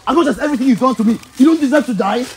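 A man in a comedy skit, loudly scolding and pleading. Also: very high-pitched, rapid-fire, very noisy. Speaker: skit actor.

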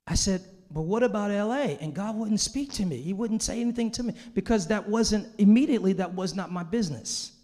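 High-voiced pastor preaching, swinging loud and soft. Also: male voice, brisk, hardly any pauses, big-room sound. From Los Angeles, USA. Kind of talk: sermon. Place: large church hall.

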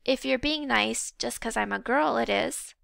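A woman reading the lines of a stubborn, sharp-witted schoolgirl with quick indignant retorts. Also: fairly high pitch, vocal fry, dry recording, clean studio sound, full character voice.

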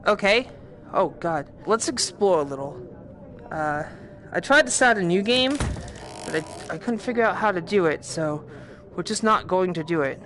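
A woman with a Boston accent giving casual, profane, excitable commentary while playing a VR game. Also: on the low side, normal speed. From Boston, USA. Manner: profane, excitable, thinking aloud. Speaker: VR game streamer. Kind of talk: casual let's-play commentary.

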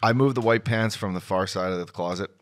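A man co-hosting a podcast, trading quick, joking banter and swearing in casual chat. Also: on the low side. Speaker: podcast co-host.

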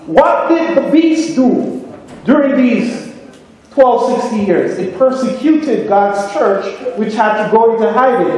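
A man with a Jamaican accent preaches on prophecy, leaning on each phrase and calling for amens. His voice sits very high and moves at an unhurried, deliberate pace. The sound carries a long reverb from a large church hall. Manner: slow, emphatic, asks the congregation for amens. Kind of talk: prophecy sermon with call and response.

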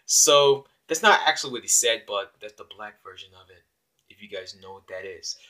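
Young male anime reviewer, bright, rambling, casual. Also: fairly low pitch, lively intonation, moderate pace. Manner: rambling with fillers and voiced quotes. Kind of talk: casual episode recap. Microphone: phone.

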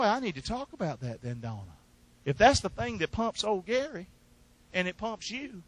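High bright preacher, loud then hushed. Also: male voice, dry recording, low-quality recording. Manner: exhorting, coaxing the congregation to repeat lines; swings between loud emphatic lines and low asides. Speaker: pastor. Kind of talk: sermon with call and response.

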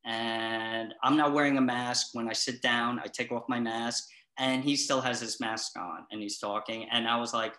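A middle-aged man telling comic stories to a therapist in a rambling, halting way, full of restarts and deadpan asides. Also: medium pitch, echoey room. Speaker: patient in a comedy sketch.

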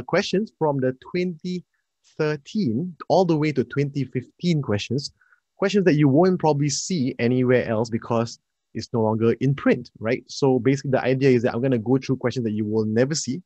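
A man, an energetic, chatty math tutor leading a live online class and addressing his students directly. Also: medium pitch, moderate pace, no echo, highs cut off.

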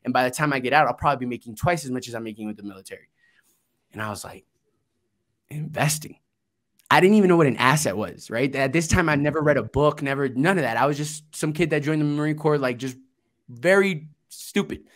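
A man's voice: mid-range voice, quick pace. A man who grew up in Florida, telling his story as a podcast guest in a laid-back way, swearing freely and acting out what people said. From Florida, United States. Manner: laid-back, swears, acts out quoted dialogue. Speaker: guest, investing entrepreneur. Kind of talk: casual storytelling interview.

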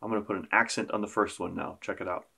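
A man's voice: on the low side, steady tone, fast talker, gravelly, heavy background noise. A man teaching a beginner percussion lesson, counting beats aloud and joking with his students. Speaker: school band teacher.

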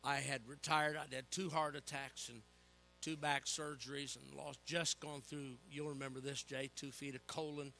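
An older man preaching a sermon, telling animated personal stories with humor and calling for "Amen?" from the congregation. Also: mid-range voice, moderate pace, vocal fry, faint music behind.

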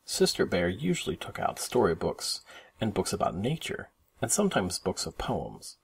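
A man reading a children's storybook aloud for his kids, expressive and animated. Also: low voice, normal speed, creaky, husky.

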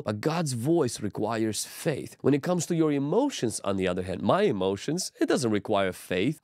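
A man's voice: fairly low pitch, darkish tone, dry recording, studio quality. A man teaching in an earnest, emphatic preaching style, as a pastor giving a sermon.

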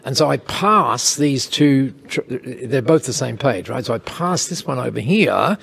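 A man telling a casual anecdote in an interview, lively, with chuckles and quick asides. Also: mid-range voice, gravelly, breathy edge. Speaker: interview guest, storyteller.

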